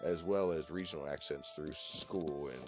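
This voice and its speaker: Deep-voiced rambling Virginia man. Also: normal speed, music in the background. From Virginia, USA. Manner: rambling, profane, full of fillers. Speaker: voice-call participant. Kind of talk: casual chat on a voice call.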